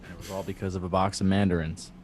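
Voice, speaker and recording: A man's voice: sits low, little pitch movement, rapid-fire, a little mellow, slight background noise. A man hosting a podcast over a video call, telling a rambling, self-deprecating story from his bedroom with a table mic. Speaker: podcast host. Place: cluttered bedroom at home. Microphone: clamp mic on a table.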